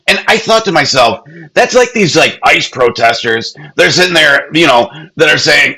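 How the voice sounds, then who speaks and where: Bright, husky mocking podcast host. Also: male voice, on the high side, animated, moderate pace, rough recording. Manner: blunt, mocking. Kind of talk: casual commentary.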